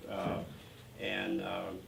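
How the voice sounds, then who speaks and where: A man's voice: sits low, completely flat delivery, extremely slow, vocal fry, a bit bright. A man in his sixties recounts his career as a guest in an interview, rambling with frequent fillers. He is recorded from a distance in a reverberant gallery with faint background noise. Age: 60s. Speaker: actor guest. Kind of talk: anecdotal interview storytelling. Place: art gallery event.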